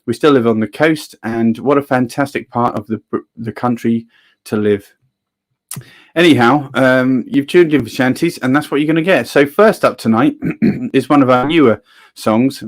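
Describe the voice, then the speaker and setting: Male host, chatty and easygoing, medium pitch. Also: normal speed. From England. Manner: chatty, reads out viewer comments. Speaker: livestream host. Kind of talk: casual livestream chat.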